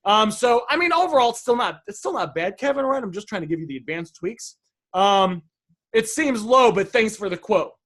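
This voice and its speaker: A man's voice: high-pitched, animated, moderate pace, fairly bright tone. A man coaching viewers on sales messages, enthusiastic and repetitive, often addressing them as guys.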